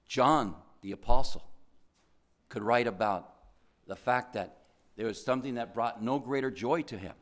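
An older man preaching a sermon in an earnest, fervent way, slowing to stress key phrases. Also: medium pitch.

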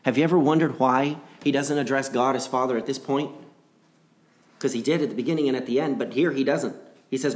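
Male preacher, gospel sermon; earnest, pitch climbs then sinks low for weight. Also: a little fast. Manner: earnest, repeats phrases for emphasis, swings between rising and dropping delivery.

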